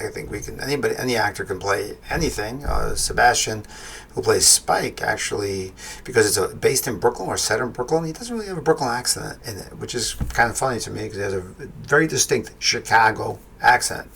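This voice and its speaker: Male podcast host, low gravelly husky voice, loose and unscripted film review delivery, fillers and restarts. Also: a bit bright. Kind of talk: casual spoken film review.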